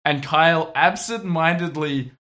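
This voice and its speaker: A man's voice: on the high side, measured pace, sharp tone. A man co-hosting a casual podcast, recapping an anime with dry sarcasm. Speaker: podcast co-host.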